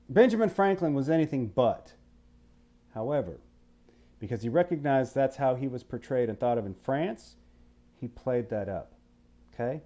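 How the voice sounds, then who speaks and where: This recorded history lecture features a man teaching unhurriedly in a medium-pitched voice. He's lively and playful, quizzing the listener and sometimes doing voices.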